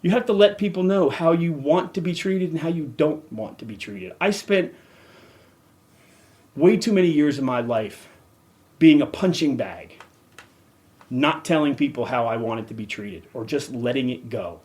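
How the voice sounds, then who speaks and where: A man's voice: a little high, expressive, moderate pace, a little mellow. A middle-aged man hosting a podcast, ranting angrily and cursing heavily. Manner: profane, heated, emphatic. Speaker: podcast host. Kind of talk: angry rant.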